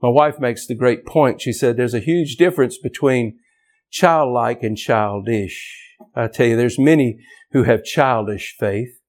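An unhurried man with a medium-pitched voice gives an impassioned, emphatic sermon full of repetition, escalating to near-shouting whenever he reaches a key point.

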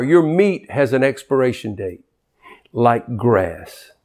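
A man in his sixties preaching a sermon with passion, dropping to hushed tones and rising to near-shouts. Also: mid-range voice. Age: 60s.

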